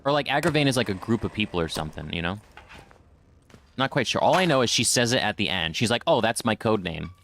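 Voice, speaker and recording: A man's voice: on the low side, sing-song, fast talker, vocal fry, background noise. A man streaming a video game in casual commentary, chatting and reading in-game notes aloud into a desk microphone. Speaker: gaming streamer. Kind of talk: casual let's-play commentary. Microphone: desk microphone at a computer.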